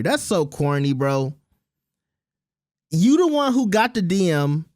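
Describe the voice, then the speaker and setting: A man's voice: sits high, big pitch swings, moderate pace, no echo, studio quality. A man hosting his own commentary channel, giving blunt, opinionated takes in a casual rant.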